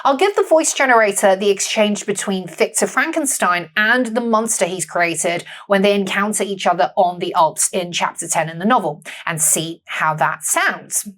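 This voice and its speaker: A woman teaching English literature in an upbeat, clear, explanatory video lesson. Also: mid-range voice, moderate pace, hardly any pauses, a bit bright.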